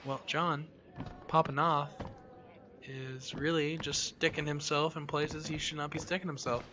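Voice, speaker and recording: A man playing a horror game on his channel, jumpy and profane, yelling whenever he gets scared. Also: a little high, level tone, a little slow, dull audio, a little hiss or hum. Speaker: gaming video host.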